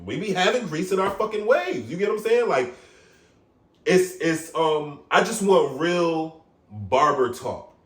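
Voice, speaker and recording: A young New York man who talks in an animated, swearing rush, forever checking "you get what I'm saying". His voice sits a little high for a man. It is recorded on a phone set back in a small echoey room. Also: measured pace, far from the mic. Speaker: barber vlogger. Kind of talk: casual vlog rant.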